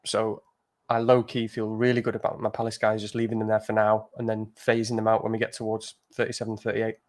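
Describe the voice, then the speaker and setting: Quick-talking podcast guy, pretty monotone, laid-back slang. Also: lowish voice. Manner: relaxed, slangy, jokey. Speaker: podcast co-host. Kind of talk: casual chat.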